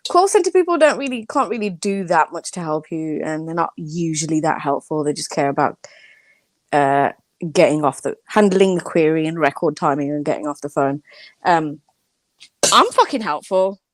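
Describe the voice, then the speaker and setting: A woman's voice: lowish voice, big pitch swings, normal speed, no room sound. A woman on a live online panel, talking defensively and swearing freely. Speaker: panel guest.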